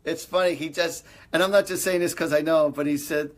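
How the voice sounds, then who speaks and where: A man's voice: fairly high pitch, steady tone, fast talker, hardly any pauses. A middle-aged man, hosting a live psychic reading and passing on reassuring messages in an earnest voice that often repeats itself. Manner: earnest, reassuring, repeats phrases, jokes lightly. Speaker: psychic medium host. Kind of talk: live-stream reading for viewers.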